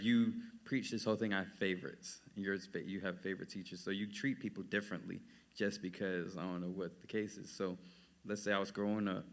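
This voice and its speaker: Low, bright-toned man chatting casually. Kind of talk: casual podcast discussion.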